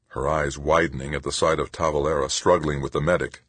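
A man narrating an audiobook with expressive storytelling. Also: extremely low pitch, brisk, slightly rough, dry recording. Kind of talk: scripted narration.

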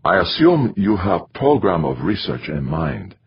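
A man's voice: deep voice, a little slow, slightly rough, dull audio, full character voice. A man voicing a stiff, unsmiling male mission director who speaks formally, in an audiobook. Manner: formal, deadpan.

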